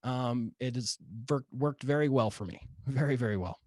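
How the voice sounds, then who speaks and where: A man guest telling a casual story, lively, peppering his talk with "right?" and "like". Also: mid-range voice, moderate pace, no room sound, studio quality. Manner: animated, rising to excitement; many fillers like "right?" and "like".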